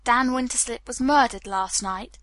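A bullying police captain snaps short orders at a suspect, as a woman reading acts him out. His speech is curt and brusque, with a bright, dry sound. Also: on the high side, moderate pace, no echo, lightly acted.

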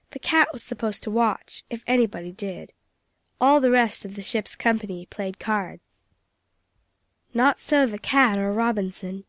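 Storybook narrator, woman, fairly high voice, dry close recording. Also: no echo. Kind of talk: storybook reading.

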